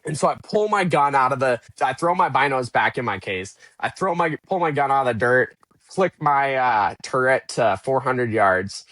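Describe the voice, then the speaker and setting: Casting: male podcast guest, mid pitch, lively storyteller who voices his own thoughts, dry close sound. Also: moderate pace, no echo. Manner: animated, acts out his own past thoughts in quotes. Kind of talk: casual storytelling interview.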